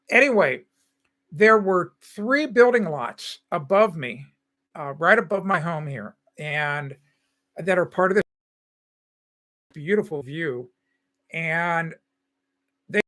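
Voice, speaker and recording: Older homebuilding host, bright slightly high voice, rambling casual livestream chat with chuckles. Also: male voice. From Cincinnati, Ohio. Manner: rambling, chuckling often, many fillers. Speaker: host of a home-building livestream. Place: home, indoors.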